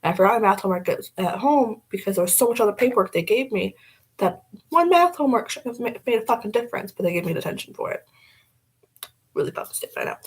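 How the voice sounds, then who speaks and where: A woman's voice: fairly high pitch, animated, quick pace, husky, low-quality recording. A young woman vlogging casually as she does her makeup, blunt and rambling, swearing freely.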